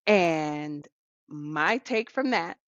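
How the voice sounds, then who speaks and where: Woman co-host, casual and chatty, given to laughing; lowish voice, muffled dry podcast sound. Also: expressive, extremely slow, no echo. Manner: chatty, laughs often between thoughts.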